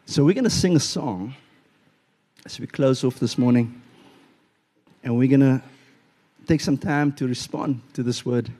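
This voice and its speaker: A male pastor preaching a sermon in a church, animated and playful, acting out little voices as he tells a story. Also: medium pitch, measured pace, pauses often.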